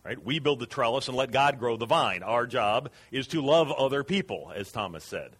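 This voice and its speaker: A man's voice: mid-range voice, expressive, moderate pace, a bit bright, breathy edge. A man preaching a sermon as pastor, earnest and emphatic.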